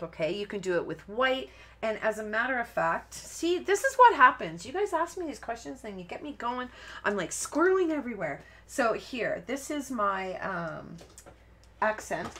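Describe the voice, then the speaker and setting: A woman's voice: medium pitch, a bit bright, a little hiss or hum. Chatty woman hosting a craft demo. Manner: chatty, rambling, self-interrupting, laughs at herself. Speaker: crafting tutorial host. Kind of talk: live-stream craft demonstration.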